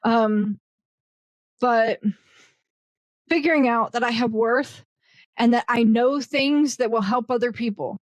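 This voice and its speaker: A woman's voice: a little high, takes it slowly, long pauses, no echo, poor audio. A woman guest in an interview, talking bluntly and casually, with lots of restarts and fillers and frequent laughter. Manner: blunt, self-deprecating, laughs often. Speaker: guest, virtual assistant.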